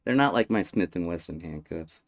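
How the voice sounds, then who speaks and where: A man's voice: sits low, lively intonation, moderate pace, no room sound, clean studio sound. Rambling male vlogger telling crude stories offhand. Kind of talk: casual storytelling. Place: desert near the border.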